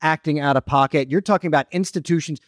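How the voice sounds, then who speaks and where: A man's voice: a little high, fast talker, no echo, clean studio sound. A man co-hosting a casual podcast debate, telling stories with lots of animation and acting out voices. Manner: animated storyteller who acts out voices. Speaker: podcast co-host.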